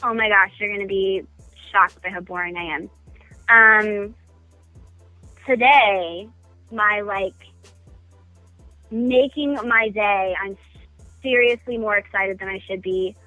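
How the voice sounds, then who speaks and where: A woman's voice: medium pitch, takes it slowly, long pauses, pushed and bright, dry recording, faint music behind, rough recording. A woman guest chatting casually in a phone-in radio interview, self-deprecating and full of ums. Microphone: phone call.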